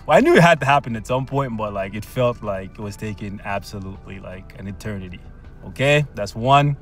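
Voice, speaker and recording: A man hosting a gaming channel, talking through gameplay in a casual, excitable way, coaxing his luck with slang and bursting into cheers. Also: lowish voice. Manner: bursts into loud shouts and cheers when excited; coaxes the game with slang and pet names.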